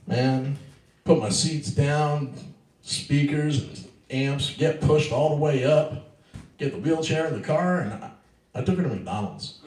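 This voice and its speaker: A middle-aged man doing a loose, laughing stand-up set at an open mic, then chatting with the host. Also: fairly high pitch. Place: small open mic venue. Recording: roomy, distant mic with faint noise.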